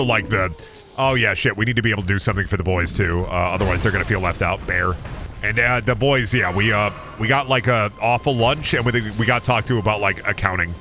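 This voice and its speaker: A man's voice: lowish voice, sharp tone. A young man streaming a game, chatting casually and profanely, rambling and singing silly chants to himself. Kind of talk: casual gaming stream chat.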